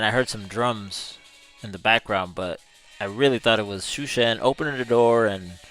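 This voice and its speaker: A man's voice: lowish voice, a bit bright. A man hosting a livestream, chatting casually with viewers, reading their comments aloud and chuckling often. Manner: easygoing, chuckles often, drawls words. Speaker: livestream host.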